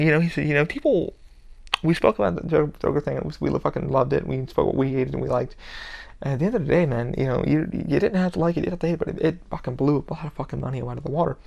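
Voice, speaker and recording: A man's voice: on the high side, gravelly, highs cut off. A man hosting his own podcast, talking in a loose, rambling monologue full of restarts and heavy swearing. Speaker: podcast host. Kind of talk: casual monologue.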